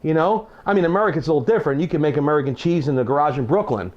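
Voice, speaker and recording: A man's voice: a little high, rapid-fire, a little mellow, muffled recording. A middle-aged man demonstrating a recipe in a home kitchen, talking in a chatty, folksy way with teacherly asides and restarted phrases. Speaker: cooking show chef. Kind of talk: casual cooking demonstration.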